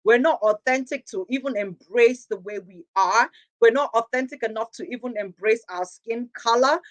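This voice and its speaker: A woman's voice: fairly high pitch, moderate pace, low-quality recording. A woman in her thirties hosting a motivational podcast, speaking earnestly with rhetorical questions and repeated phrases for emphasis. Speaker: podcast host. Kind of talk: reflective motivational monologue.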